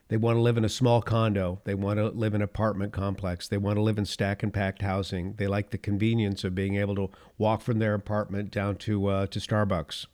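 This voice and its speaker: A middle-aged man with a fairly low voice hosts a political commentary show. He talks with biting sarcasm and chuckles at his own jabs. He gets fired up, then reins himself back in. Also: darkish tone. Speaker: podcast host.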